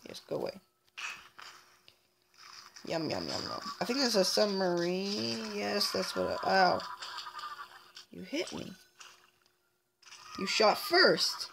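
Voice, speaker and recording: A woman's voice: mid-range voice, very animated, takes it slowly, gravelly, long pauses, background noise. A woman giving casual, playful let's-play commentary as she plays, chatting to herself and taunting enemies in a mock-villain way. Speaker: gameplay commentator.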